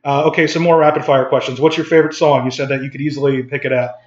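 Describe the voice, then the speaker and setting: A man hosting a podcast who interviews a young guest in an easygoing way and asks quick-fire questions. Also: mid-range voice, level tone, reverberant, dull audio, noisy background. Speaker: podcast host. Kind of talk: casual interview.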